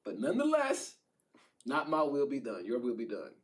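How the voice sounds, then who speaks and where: A man's voice: mid-range voice, huge pitch swings, moderate pace, distant mic. A man casually voicing Jesus, stressed and resigned. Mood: pleading, resigned. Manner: casual, slangy retelling with laughs. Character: Jesus, adult man, stressed yet surrendering.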